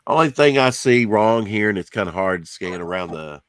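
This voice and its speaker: A man hosting a casual stream, relaxed and teasing, rambling as he talks. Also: lowish voice, a little fast, clean tone. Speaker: host.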